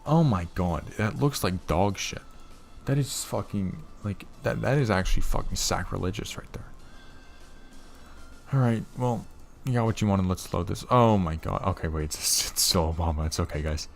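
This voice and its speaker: A young man talks through a programming tutorial at his desk, his voice low and gravelly with a rough fry. He rambles, curses freely and tosses in exasperated asides. Faint music plays quietly behind him. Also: normal speed. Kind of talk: casual screen-recorded coding tutorial.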